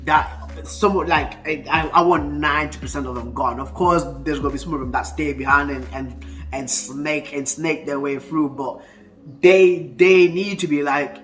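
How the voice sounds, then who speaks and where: A man's voice: a little high, moderate pace, a bit bright, faint music behind. A man, ranting about football in a casual vlog, heated and full of stuttering restarts. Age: 20s. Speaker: football fan vlogger.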